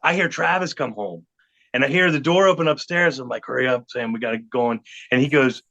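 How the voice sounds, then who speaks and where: A man's voice: mid-range voice, brisk, gravelly. A middle-aged man, a podcast guest telling an anecdote and acting out the quotes of other people. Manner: animated, acts out quotes of others. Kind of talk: storytelling anecdote. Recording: dull lo-fi podcast audio.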